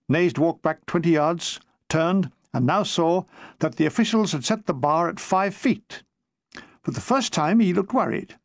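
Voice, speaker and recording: A man's voice: high voice, no echo. A man reading his own memoir aloud in a dry, comic storytelling manner. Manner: dry comic storytelling, slipping into brief character voices. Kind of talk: audiobook narration.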